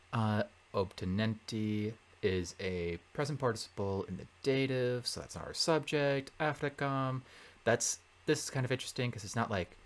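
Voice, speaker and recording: A man working through a Latin translation in a relaxed lesson, thinking aloud with many fillers and self-corrections. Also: on the low side. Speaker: Latin tutor. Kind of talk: casual translation walkthrough.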